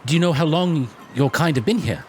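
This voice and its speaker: A man's voice: a little high, expressive, fairly quick, a little mellow, slight background noise. Polite man role-playing a player character. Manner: polite, hesitant.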